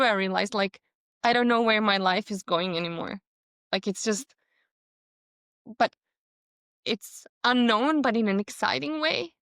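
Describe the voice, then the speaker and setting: With a fairly high voice, a woman on a podcast recounts a story animatedly, laughing and voicing the people she quotes. She keeps a moderate pace with long pauses, and the clean studio recording has no room sound.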